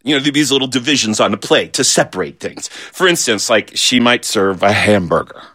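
Bright-voiced playful male storyteller. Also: mid-range voice, fairly quick. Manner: animated, playful, with voiced asides. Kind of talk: humorous storytelling.

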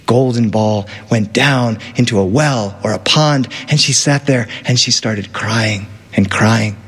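A man telling a fairy tale to an audience in a playful, animated way, with asides to the listeners. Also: mid-range voice, husky, big-room sound. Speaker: storyteller. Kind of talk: live storytelling to an audience.

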